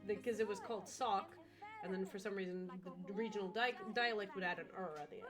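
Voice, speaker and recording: An American woman streaming a video game, chatting casually, animated and quick to laugh and argue playfully. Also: mid-range voice. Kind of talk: casual gaming chat. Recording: game music behind.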